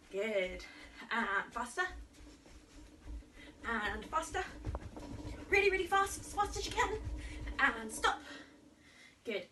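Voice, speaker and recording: A woman leads young children through warm-ups with cheerful, coaxing cues. Her voice is high and bright and she speaks slowly. She sounds slightly distant from the mic, with faint noise in the room. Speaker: children's martial arts instructor. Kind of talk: kids' exercise class led to camera.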